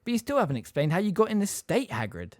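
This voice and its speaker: A man's voice: high voice, wildly swooping pitch, fast talker, no echo, clean studio sound, voice pushed up. A man voicing an eager, blunt teenage boy in an audiobook reading, blurting out his questions.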